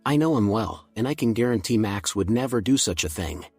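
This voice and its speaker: A man's voice: on the low side, animated, fairly quick, slightly rough, dry recording, soft background music. A man voicing a young woman reporter who earnestly protests and defends a student. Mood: defiant.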